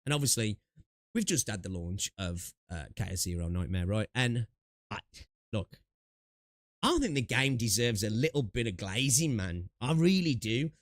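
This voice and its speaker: A man's voice: on the low side, big pitch swings, moderate pace, no room sound. A young man chatting casually on a gaming livestream, rambling with lots of fillers and asides, through a close desk mic with noise suppression. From United Kingdom.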